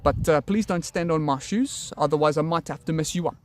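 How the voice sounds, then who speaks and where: Bloke putting on a friendly cocky south african guy, bit high, jokey swagger. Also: a little fast, close to an everyday voice. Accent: put-on South African.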